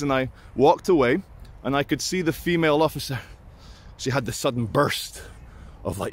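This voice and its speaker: A man's voice: medium pitch, animated, moderate pace. A British man spins casual stories for his channel, rambling and self-mocking. He swears freely and wanders off on asides. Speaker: vlogger. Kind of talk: casual anecdotal storytelling.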